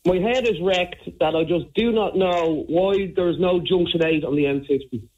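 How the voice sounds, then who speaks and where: A man's voice: high voice, moderate pace, a little mellow. A man with a Dublin accent calling in to a radio show, earnest and puzzled. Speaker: caller. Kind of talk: phone-in call. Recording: dull phone line.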